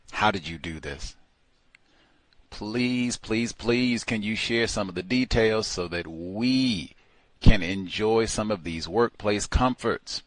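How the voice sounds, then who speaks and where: Man hosting a call-in show, dragging slow and emphatic, dry close sound. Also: fairly low pitch, dry recording. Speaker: radio show host. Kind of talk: call-in radio talk.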